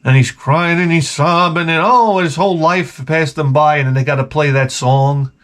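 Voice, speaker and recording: A man's voice: fairly high pitch, moderate pace, fairly bright tone. Sarcastic, profane man ranting as podcast host. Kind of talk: casual comedic rant.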